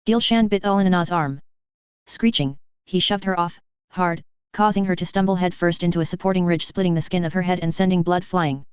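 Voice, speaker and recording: A woman narrating a science fiction story in a steady, even reading. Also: lowish voice, fairly quick, clear, resonant tone, no echo. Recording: slightly dull close recording.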